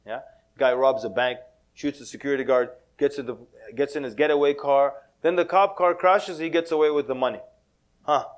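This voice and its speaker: A man giving a lively, joking talk to an audience at a mosque, mixing in Arabic words and acting out quotes. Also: mid-range voice, normal speed. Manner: animated, playful, drops Arabic words, laughs often. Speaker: Muslim speaker giving a talk.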